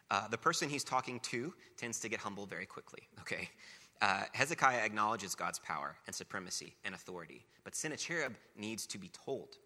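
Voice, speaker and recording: A man's voice: lowish voice, lively intonation, fairly quick, sharp tone. A man preaching a sermon, talking casually between passages of scripture that he reads aloud with emphasis. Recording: long reverb of a large hall.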